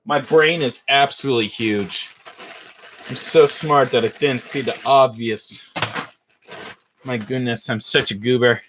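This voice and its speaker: A man chatting casually on a livestream while he builds, playful and rambling, poking fun at himself as he thinks out loud. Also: medium pitch, measured pace, long pauses, noisy background. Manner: playful, rambling, self-mocking, thinks aloud. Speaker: livestreamer building brick models.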